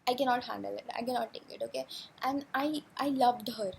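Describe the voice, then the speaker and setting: A woman's voice: a little high, brisk, gravelly, a little hiss or hum, rough recording. A young woman with an Indian English accent, chatting casually in a storytime vlog, swearing freely and slipping into Hindi. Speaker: vlogger.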